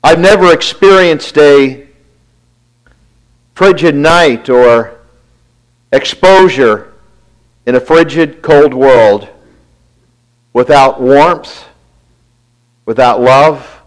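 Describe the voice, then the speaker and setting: A man giving a devotional talk, earnestly retelling a friend's words and quietly counting his blessings. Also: fairly high pitch, drawn-out words, long pauses, rough recording. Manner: reflective, quiet listing of blessings.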